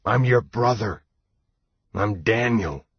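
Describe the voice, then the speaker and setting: A man's voice: lowish voice, slow pace, breathy edge, no echo, lo-fi sound, pitched above the performer's own voice, heavily acted. A man doing a sick, desperate young man. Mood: pleading. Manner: pleading, urgent. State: weak and unwell.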